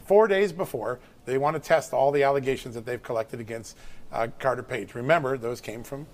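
A man appearing as a guest in a news interview, explaining a story briskly and quoting documents. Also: mid-range voice. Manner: rapid, explanatory, quotes documents.

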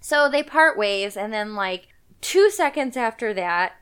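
In a mid-range, animated voice with a fairly bright, clean tone and a measured pace, a woman loosely retells a movie's story during a podcast conversation, sprinkling in fillers and laughs.

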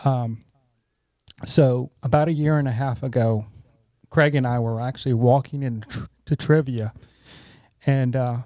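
A man's voice: mid-range voice, fairly even intonation, a little slow, long pauses, warm tone, no echo, studio quality. A middle-aged man, a podcast guest, telling earnest, rambling anecdotes and often saying "you know". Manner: earnest, grateful tone. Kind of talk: conversational storytelling.

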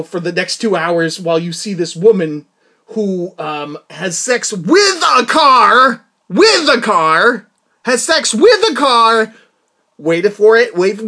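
A man hosting a casual film-review talk, excitable and rambling, slightly out of breath. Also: high voice. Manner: excitable, rambling, breaks into laughter. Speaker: podcast host reviewing a film. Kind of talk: casual monologue.

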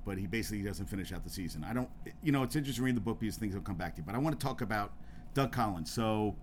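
On his solo podcast, a man with a lowish voice talks very fast and animatedly, with slight background noise behind him. His talk is rambling and profane, full of restarts, and he gets increasingly worked up and emphatic.

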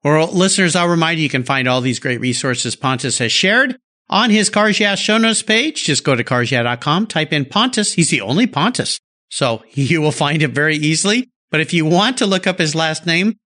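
A man's voice: on the high side, animated, moderate pace, bright, forceful tone. A man hosting a podcast, asking questions with upbeat enthusiasm. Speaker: podcast host. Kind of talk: podcast interview.

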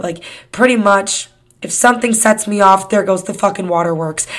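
A woman's voice: mid-range voice, a bit bright. Young woman rambling on her podcast. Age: 20s. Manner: rambling, candid, swears often. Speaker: podcast host. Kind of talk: casual solo podcast chat.

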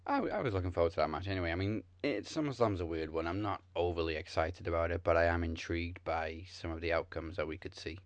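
A man's voice: deep voice, fast talker, few pauses, dry recording. A Welsh man chatting casually as a podcast co-host, laid-back and hesitant with many fillers. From Wales. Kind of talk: casual chat.

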